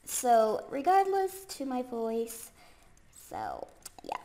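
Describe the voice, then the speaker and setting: Her voice very high and thick with a cold's congestion, this young woman gaming YouTuber chats her way casually through a game without rushing. Fillers pile up in her rambling, punctuated by abrupt squeals of excitement.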